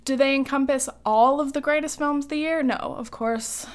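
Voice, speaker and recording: A woman's voice: sits high, steady tone, moderate pace. A young adult woman co-hosting a podcast in casual chat, chatty and giggly, with lots of ums and likes. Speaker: podcast co-host.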